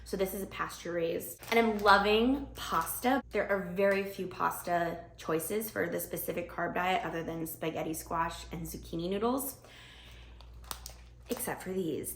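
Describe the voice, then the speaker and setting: A woman's voice: on the low side, unhurried, gravelly. A young woman vlogging in casual, bubbly chat straight to camera, talking with lots of enthusiasm. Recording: echoey room.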